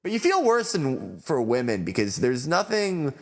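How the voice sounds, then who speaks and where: A man's voice: mid-range voice, wildly swooping pitch, moderate pace. A man guesting on a podcast, rambling and swearing in loose, filler-heavy banter. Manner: rambling, profane, lots of fillers.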